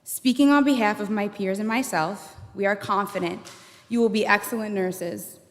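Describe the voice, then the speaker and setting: A woman student giving an earnest, formal speech at a graduation ceremony. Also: medium pitch. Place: large church sanctuary. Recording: long church reverb.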